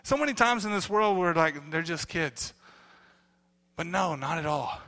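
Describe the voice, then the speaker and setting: Pastor guy preaching, high bright voice, acts out every quote as he tells a story. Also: a little slow, vocal fry. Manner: animated storytelling, acting out quotes. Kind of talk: sermon.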